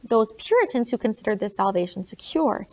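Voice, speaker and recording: A woman reading an audiobook, voicing a blunt, grave older colonial gentleman in her own plain voice. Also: medium pitch, expressive, brisk, close to an everyday voice.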